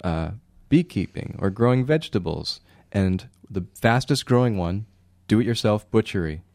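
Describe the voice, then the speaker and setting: A man's voice: fairly low pitch, expressive, moderate pace, darkish tone, dry recording. Joking male radio co-host, dry sound. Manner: joking, wry, playful storyteller. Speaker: radio co-host reading news. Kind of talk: casual radio chat.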